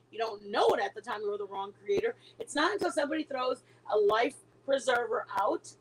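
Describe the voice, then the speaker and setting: Rambling middle-aged woman, slightly high voice. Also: animated, brisk, hardly any pauses, slightly rough, rough recording. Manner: rambling, storytelling with many restarts. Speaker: livestream host. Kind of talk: casual chat to viewers.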